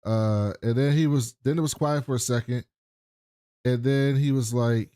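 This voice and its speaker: A man's voice: mid-range voice, steady tone, normal speed, dark tone, smooth, dry recording, clean studio sound. A man co-hosting a podcast, casually and profanely retelling scenes from a TV episode. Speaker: podcast co-host. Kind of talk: casual TV recap chat.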